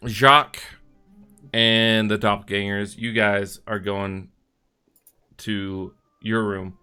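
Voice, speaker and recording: A man's voice: fairly low pitch, level tone, takes it slowly, bright, forceful tone, smooth, faint music behind. A man narrating as game master in a casual, profane tabletop session, often trailing off with fillers.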